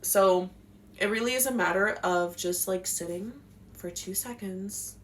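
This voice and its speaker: A woman's voice: medium pitch, unhurried, slight background noise. A young woman giving spiritual life advice in a casual, passionate, slangy talk, swearing now and then. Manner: passionate, slangy, swears, acts out quotes in voices.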